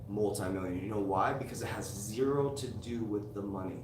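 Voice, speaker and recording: Man, lowish voice, emphatic motivational coach, distant mic, echoey room with background noise. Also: a little fast, few pauses. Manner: emphatic, repetitive, storytelling. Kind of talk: podcast motivational talk.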